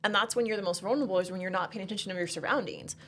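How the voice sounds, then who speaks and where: A woman's voice: mid-range voice, very fast, fairly bright tone, a little hiss or hum. A woman who leads a women's shooting program, telling stories in a chatty, upbeat podcast conversation full of "like".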